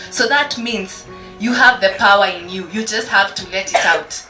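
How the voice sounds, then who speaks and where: A woman's voice: medium pitch, normal speed, pushed and bright, roomy sound, distant mic, faint music behind. A woman from Kenya giving a faith-based encouragement speech to schoolgirls, quoting scripture. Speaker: guest speaker.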